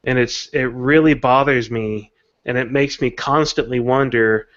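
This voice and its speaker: A man's voice: medium pitch, steady tone, measured pace, a bit bright. Man telling stories on a lo-fi podcast. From Texas. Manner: thoughtful, storytelling. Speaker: podcast co-host. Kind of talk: casual podcast chat. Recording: dull lo-fi audio.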